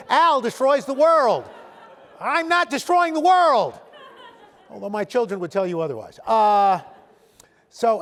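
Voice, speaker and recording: A man giving an off-the-cuff conference speech, halting and self-deprecating, often restarting his sentences. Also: high-pitched, darkish tone. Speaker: keynote speaker at a panel event. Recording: long hall reverb.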